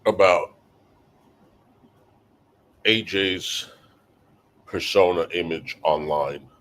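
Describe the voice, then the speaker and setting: A man's voice: low-pitched, fairly even intonation, extremely slow, a bit bright, a little hiss or hum. A man hosting a livestream in casual chat, rambling and emotional, swearing freely. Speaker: livestream host.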